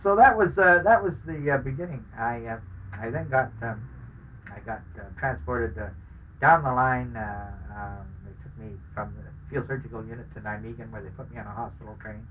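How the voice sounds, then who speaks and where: The audio sounds like a phone line, with a little background noise, as an older man, a war veteran, speaks at medium pitch and normal speed. For this oral history he relates his wartime tale anecdotally, voicing the dialogue and chuckling.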